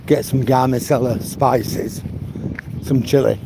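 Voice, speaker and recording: A man's voice: mid-range voice, steady tone, unhurried. A man, chatting casually and rambling while on a walk outside, often saying "you know". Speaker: live-stream host. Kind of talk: casual chat while walking. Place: outdoors on a rural walk. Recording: outdoor noise with passing vehicles.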